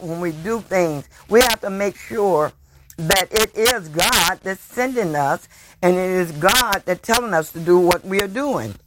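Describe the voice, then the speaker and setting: A woman preaching a sermon slowly and deliberately, quoting scripture and repeating hallelujah. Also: fairly low pitch. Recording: noisy recording.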